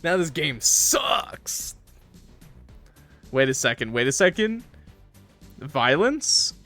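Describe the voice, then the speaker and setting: A man's voice: fairly high pitch, sing-song, slow pace, sharp tone, faint music behind. A man commenting casually on a game he is playing, rambling and interrupting himself. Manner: chatty, rambling, self-interrupting. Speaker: streamer.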